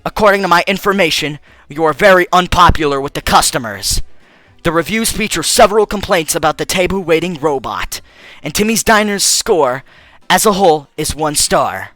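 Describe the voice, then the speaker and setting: A man voicing a calm, clinical robot assistant who speaks in a measured, deadpan way for a fan dub of a game. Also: a little high, no echo, soft background music, voice pushed down. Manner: measured, deadpan, matter-of-fact. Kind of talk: fan dub of a game's text.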